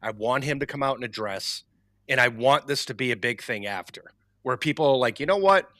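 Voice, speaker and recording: A man's voice: medium pitch, a little fast, pushed and bright, dry recording. A man co-hosting a podcast, scornful and sweary in casual banter. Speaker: podcast co-host.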